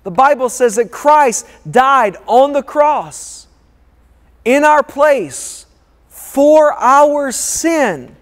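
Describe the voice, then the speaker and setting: A pastor preaches a sermon in a very high-pitched, animated voice, drawing out his words. He is emphatic and repetitive, calling for responses from the congregation, and a large hall adds long reverb.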